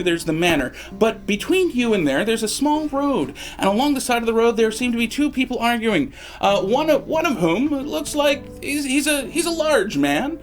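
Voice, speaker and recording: Guy running a tabletop game, really high voice, stumbles and repeats himself. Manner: halting, repeats words. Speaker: game master.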